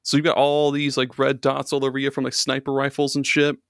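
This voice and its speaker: Young male co-host, mid-pitched, animated and profane, shrieks for jokes, dry recording. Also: fairly quick, no echo. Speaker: podcast co-host. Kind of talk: casual comedic banter.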